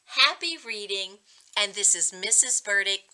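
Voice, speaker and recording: A woman school reading coach reads a children's chapter book aloud with expressive, upbeat delivery. Her voice is very bright and clear-toned, pitched in a middle range. She speaks to the children in a warm-up teacherly address. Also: measured pace, poor audio. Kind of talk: read-aloud storytime for schoolchildren.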